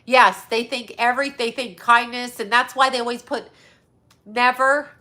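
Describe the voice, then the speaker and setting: Bright-voiced woman ranting angrily. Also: on the high side, fairly even intonation, moderate pace. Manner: angry, profane, sarcastic ranting. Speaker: psychic medium and channel host. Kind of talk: ranting monologue to viewers.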